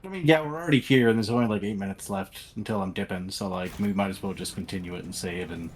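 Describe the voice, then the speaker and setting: Offhand, low-voiced man co-playing on a stream. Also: fast, a little hiss or hum. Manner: casual, offhand. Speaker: co-player on a stream.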